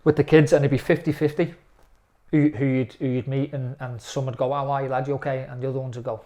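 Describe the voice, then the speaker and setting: A man, a former footballer telling animated stories in a casual interview. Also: mid-range voice, quick pace. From England. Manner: chatty, animated storytelling with lively quoted voices.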